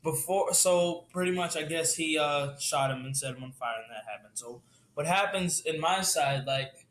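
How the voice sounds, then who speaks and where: A man's voice: a little high, moderate pace, fairly bright tone, slight background noise. A young man improvising a story, hesitant and full of fillers, laughing easily. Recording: roomy echo.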